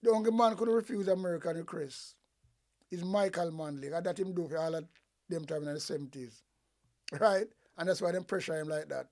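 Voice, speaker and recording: A man's voice: on the high side, a little fast, darkish tone. A man with a Jamaican accent, giving heated, profane political commentary in patois.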